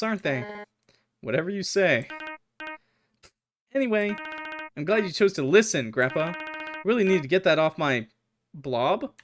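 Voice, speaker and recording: A man streaming a game, reading the characters' lines aloud in put-on higher voices between joking and swearing. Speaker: gaming streamer. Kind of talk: let's play with voiced dialogue reading. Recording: music playing behind the voice. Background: game music.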